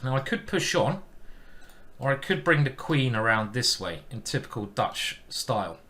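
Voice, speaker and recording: A man's voice: mid-range voice, animated, normal speed, bright, forceful tone. A man giving chatty live-stream commentary on his own chess game, thinking aloud and poking fun at himself.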